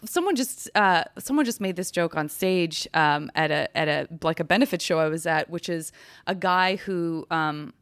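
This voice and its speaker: A woman's voice: lowish voice, moderate pace, fairly bright tone, clear, resonant tone, no room sound, clean studio sound. A woman hosting a podcast in casual conversation, chatty and eager, often chiming in to agree. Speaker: podcast host.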